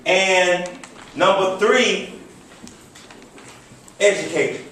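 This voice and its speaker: A man's voice: high voice, extremely slow, a bit bright, slight background noise. A man giving a commanding motivational speech to an audience, leading call-and-response with lots of repetition. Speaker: motivational speaker. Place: large hall before an audience. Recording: echoey hall from far off.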